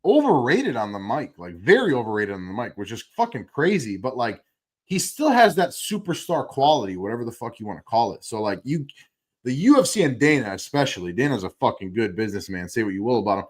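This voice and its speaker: Animated rambling man on a fight stream. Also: mid-range voice, fairly quick. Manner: rambling, profane, lots of fillers. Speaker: livestream co-host. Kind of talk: casual MMA livestream chat.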